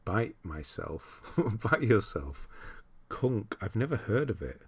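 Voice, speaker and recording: A man's voice: lowish voice, big pitch swings, slow pace, breathy edge. A man casually chatting on a livestream, thinking aloud and laughing as he reads through viewers' lists. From United Kingdom. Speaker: streamer.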